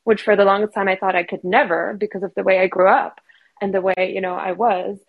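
Husky woman sharing her story. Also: medium pitch, level tone, fairly quick, narrow, tinny audio. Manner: earnest, reflective storytelling. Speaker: guest. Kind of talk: personal story in a podcast interview.

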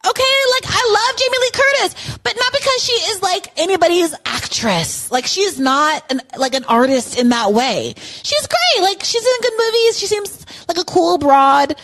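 A woman with a high, bouncy voice chatting on a podcast. She talks in an opinionated, emphatic way, piling on "like" and "I'm sorry" as she swings up and down. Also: expressive, moderate pace, few pauses, fairly bright tone. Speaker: podcast co-host. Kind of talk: casual chat. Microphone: podcast mic.

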